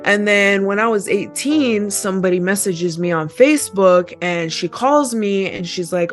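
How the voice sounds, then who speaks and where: A woman's voice: medium pitch, moderate pace, hardly any pauses, faint music behind. A young woman, a podcast guest, reflectively telling her life story in casual chat.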